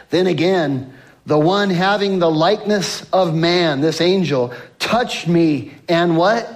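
A male pastor preaching a sermon to his congregation on a microphone, swinging between loud emphasis and soft, slow lines. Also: fairly high pitch. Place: church sanctuary with congregation.

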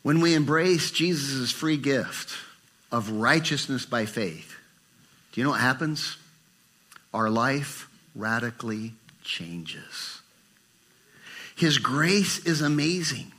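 Bright-voiced older male preacher. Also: takes it slowly. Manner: animated, acts out inner voices with rising pitch. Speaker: pastor. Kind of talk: sermon.

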